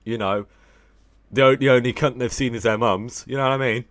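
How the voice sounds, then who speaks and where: A young Englishman hosts a livestream in a loose, rambling way, tossing out jokes and swear words as he talks to his viewers. His voice sits at an ordinary pitch and comes across dry and close, with no room sound. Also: fairly even intonation, fairly quick, fairly bright tone, no room sound. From England. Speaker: livestream host. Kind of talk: casual livestream chat with viewers.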